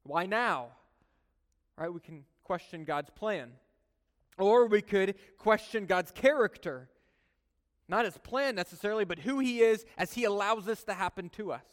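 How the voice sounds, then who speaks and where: A male pastor preaching, his voice a touch higher than most and clean and resonant. He tells stories conversationally, dropping soft and earnest, then rising loud and animated. The sound rings with the long reverb of a large hall. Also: normal speed. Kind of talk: sermon.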